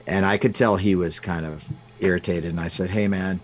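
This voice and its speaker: A man's voice: sits low, fairly even intonation. A man, a guest in an interview, telling personal stories with many restarts and fillers. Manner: halting, frequent restarts and fillers. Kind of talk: conversational storytelling.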